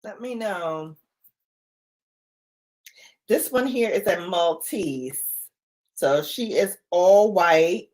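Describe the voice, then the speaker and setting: A woman in her forties chatting casually with live viewers from home, playful and quick to laugh. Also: fairly low pitch, lively intonation, darkish tone. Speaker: livestream host.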